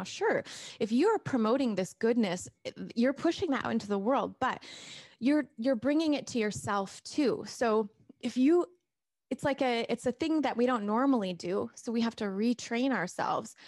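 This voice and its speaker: A woman's voice: fairly high pitch, darkish tone, no room sound, studio quality. A middle-aged woman talking casually to her viewers on a live stream, restarting sentences and reading out their comments as a weight loss coach. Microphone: camera mic.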